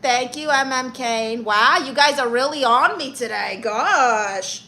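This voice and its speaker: A woman's voice: high voice, moderate pace, bright, forceful tone, low-quality recording. A woman from Brooklyn, hosting a live stream as a comic aunt character who reads viewers' comments in a sassy, teasing way and calls them honey and darling. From Brooklyn, New York. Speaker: livestream host playing an aunt character. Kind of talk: live-stream chat reading.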